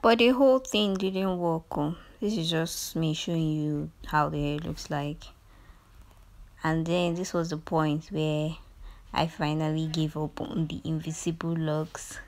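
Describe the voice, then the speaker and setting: A Nigerian woman talks through her hair tutorial in a low, easygoing voice. Her narration is casual and conversational, loose with everyday fillers, and she keeps an unhurried pace. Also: level tone, darkish tone. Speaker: beauty vlogger.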